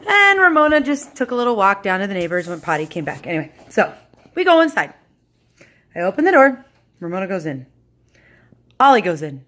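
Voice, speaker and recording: A woman telling a story to her camera at home, animated, acting out voices and sound effects. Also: mid-range voice, fairly quick.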